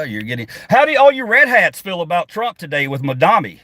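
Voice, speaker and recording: A man's voice: fairly high pitch, big pitch swings, brisk, vocal fry, few pauses, sharp tone. A middle-aged man livestreaming from his car on a phone, reading chat comments and answering them in a combative, sarcastic, foul-mouthed rant. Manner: combative and sarcastic, swearing often. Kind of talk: profane live-stream rant. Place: in a car while driving.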